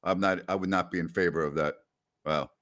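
A man hosting a sports talk show, ranting loudly and scornfully with heavy emphasis. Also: low-pitched, steady tone, fairly quick. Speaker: sports radio host.

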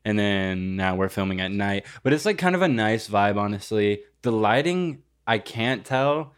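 Smooth-voiced deadpan young man. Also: on the low side, normal speed. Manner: deadpan, teasing banter. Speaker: podcast co-host. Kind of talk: casual chat.

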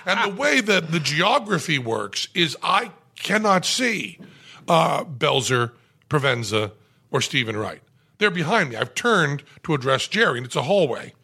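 A middle-aged man telling a long anecdote as a podcast guest, in an animated, profane, self-mocking way, recorded on a podcast mic in a club room. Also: on the high side, measured pace, gravelly, husky. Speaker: guest storyteller.

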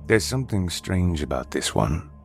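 A man's voice: sits low, vocal fry, faint music behind. A man playing a coolly polite butcher. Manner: calm, polite, detached, measured. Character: cold, curious male butcher and captor. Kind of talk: horror audio drama.

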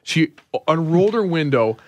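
A man's voice: fairly high pitch, big pitch swings. A man co-hosting a morning radio show, teasing his co-hosts and acting out little bits in casual banter. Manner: jokey, quick to tease, acts out bits. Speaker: radio co-host.

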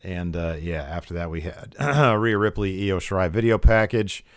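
A man co-hosting a casual chat, recapping events and retelling scenes in lively quoted voices. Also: deep voice, normal speed. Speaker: podcast co-host recapping wrestling.

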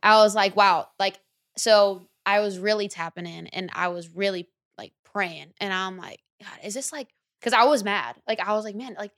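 A young woman, a recording artist, telling her story in a casual interview, slangy and animated, acting out her own reactions. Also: medium pitch, normal speed, dry recording, studio quality.

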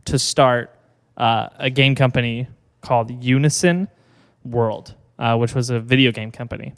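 A man's voice: mid-range voice, moderate pace, clear, resonant tone, long reverb tail. A man co-hosting a podcast, telling a business story in a loose, rambling way with fillers. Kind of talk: casual chat.

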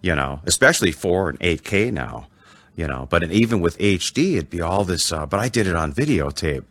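A man's voice: deep voice, big pitch swings, brisk, fairly bright tone. A man in his sixties hosting a casual interview, enthusiastic and full of praise for his guests. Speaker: interview host.

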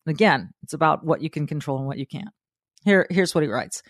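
Woman podcast host, lowish pitch, dry close mic, animated talk with acted-out quotes. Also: fast, dry recording. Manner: animated, acts out quotes, laughs often. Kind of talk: motivational monologue.

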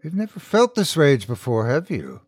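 A man's voice: a little high, huge pitch swings, moderate pace, dry recording. Man voicing an ancient horned creature. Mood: calm, menacing. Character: ancient horned inhuman being, calm and curious.

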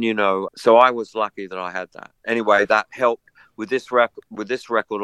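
Low smooth-voiced Australian man, older. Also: no room sound. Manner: rambling, animated anecdotes with mocking put-on voices. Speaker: interview guest, musician. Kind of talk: casual storytelling interview.

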